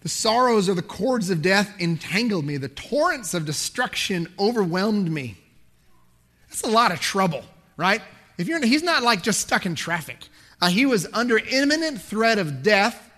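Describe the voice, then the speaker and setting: High-voiced man preaching conversationally. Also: big pitch swings, normal speed, pushed and bright. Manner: conversational, self-deprecating, rises in pitch for emphasis. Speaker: pastor. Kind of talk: sermon.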